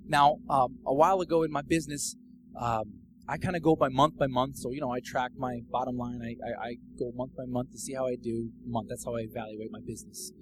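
A man giving a casual, personal sermon testimony that builds into fervent, loud preaching. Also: mid-range voice, fairly even intonation, fairly quick, background noise.

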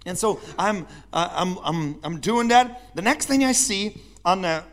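High-voiced man preaching an animated sermon. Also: unhurried. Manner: animated storytelling, asks the congregation questions. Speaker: pastor.

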